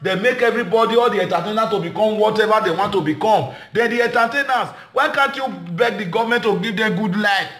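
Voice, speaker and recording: A man's voice: high-pitched, quick pace, hardly any pauses, fairly bright tone, roomy sound. A man speaking Nigerian Pidgin English, giving an impassioned, repetitive speech as a comedian. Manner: emphatic, repetitive, shifts between Pidgin and English.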